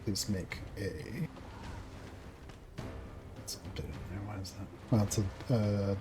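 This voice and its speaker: A man's voice: lowish voice, dark tone, soft background music. A man narrating and explaining rules as game master of a tabletop game. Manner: deliberate, explains rules with pauses.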